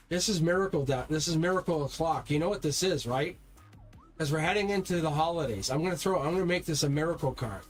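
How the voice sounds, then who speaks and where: A man giving a live-stream tarot reading, speaking straight to viewers in a rambling, repetitive way and swearing when he gets heated. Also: on the high side. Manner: rambling, repeats words and restarts. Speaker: tarot reader.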